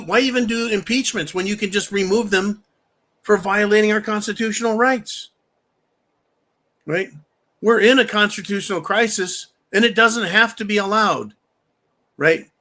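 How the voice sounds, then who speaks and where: Male livestream host, bright and a bit high, loose rambling delivery with casual swearing. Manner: loose, rambling, swears, takes shots on air. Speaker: live stream host. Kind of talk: casual political livestream talk.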